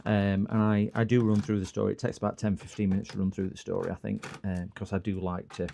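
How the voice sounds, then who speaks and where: A man's voice: on the low side, level tone, quick pace, creaky, warm tone, slight background noise. A man with a northern English accent, chatting casually on a live repair stream and rambling off into long stories. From northern England. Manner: rambling, digressive storyteller.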